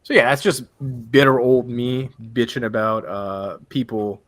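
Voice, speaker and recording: A man's voice: medium pitch, measured pace. A man with a mid-range voice co-hosts a movie podcast, rambling loosely and poking fun at himself. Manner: self-deprecating, rambling. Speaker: podcast co-host. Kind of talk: casual movie chat.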